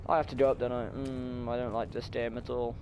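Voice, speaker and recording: A man's voice: medium pitch, level tone, a little fast, darkish tone, a little hiss or hum. A young man commenting on a horror game, muttering nervously to himself and breaking into sudden startled shrieks. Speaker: gaming channel host.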